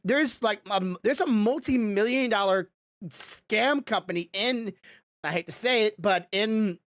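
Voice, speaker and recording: A woman co-hosting a podcast in casual chat, asking questions and pausing with fillers while she searches for words. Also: medium pitch, no room sound. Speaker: podcast co-host.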